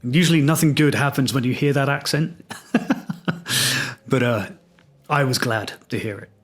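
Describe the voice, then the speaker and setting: A man's voice: medium pitch, normal speed. Wry English man telling his story. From England. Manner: reflective, wry, self-deprecating. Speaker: podcast host. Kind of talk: solo podcast storytelling.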